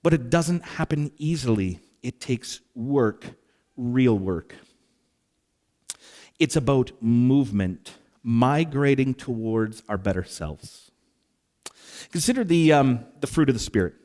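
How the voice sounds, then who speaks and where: Animated man preaching a story-driven sermon. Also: mid-range voice, takes it slowly. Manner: animated storyteller, acts out exasperated sighs and asides. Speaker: pastor.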